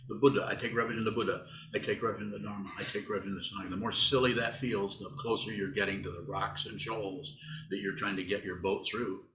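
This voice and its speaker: A man's voice: fairly low pitch, steady tone, fast, echoey room, background noise. A man giving a casual, rambling dharma talk as a Buddhist teacher, teasing and answering his students' questions.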